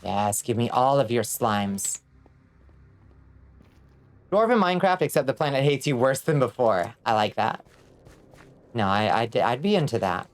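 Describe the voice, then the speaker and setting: A woman chatting loosely with her viewers while she plays a game. She talks in a relaxed, casual way, then yelps and curses whenever the game turns on her. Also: rumbling low, unhurried, long pauses. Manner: excitable, screams and swears when in danger. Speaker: streamer. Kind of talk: casual gaming stream chat.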